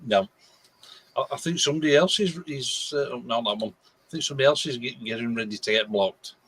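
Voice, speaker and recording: Husky laid-back British man. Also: medium pitch, a little fast, fairly bright tone, poor audio. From Britain. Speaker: livestream host. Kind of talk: casual chat.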